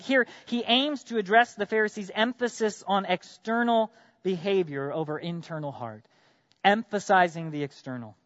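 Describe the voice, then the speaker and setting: A high-pitched man preaches earnestly as a pastor, putting direct questions to his congregation and swinging between loud, emphatic bursts and quiet drops. The recording is dry and the audio sounds dull.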